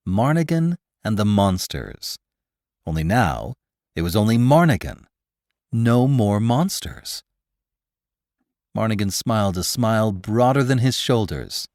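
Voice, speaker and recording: A man narrating a short story as the host of a podcast, in an expressive, dramatic reading. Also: fairly low pitch, a little slow, no room sound, studio quality.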